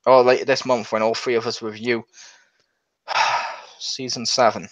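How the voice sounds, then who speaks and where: A young man co-hosting a casual chat about video games, talking in a chatty, animated way and laughing often. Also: mid-range voice, measured pace. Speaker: podcast co-host. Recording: dull lo-fi sound.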